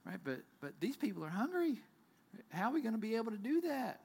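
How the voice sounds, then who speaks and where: A man preaching a sermon as pastor, telling stories with big swings from loud to near-whisper. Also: high-pitched, sing-song, fast, vocal fry, breathy edge. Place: church.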